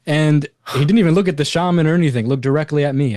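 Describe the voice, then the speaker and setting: A man's voice: on the high side, fast, no echo. Chatty man telling a story, dry sound. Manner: animated retelling with quoted voices and many fillers. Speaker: guest. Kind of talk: casual storytelling in conversation.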